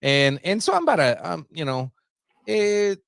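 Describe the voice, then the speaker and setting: A man's voice: fairly high pitch, very animated, normal speed, vocal fry, fairly bright tone, smooth, no room sound. A man hosting a podcast, telling a long story in a casual, rambling, profane way and laughing at his own jokes. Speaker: podcast host.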